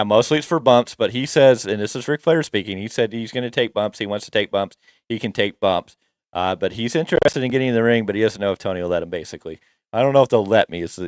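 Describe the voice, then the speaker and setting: A man's voice: on the low side, no room sound, clean studio sound. A man co-hosting a wrestling podcast, chatting casually and rambling through opinionated takes with a teasing streak. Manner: rambling, teasing, breaks into mock wrestler voices.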